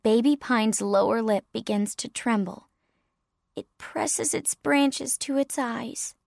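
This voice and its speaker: A woman narrates a storybook for English learners in a clear, deliberate reading. Her voice is fairly high and moves with lively pitch at a very slow pace. The sound is close and dry. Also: no echo.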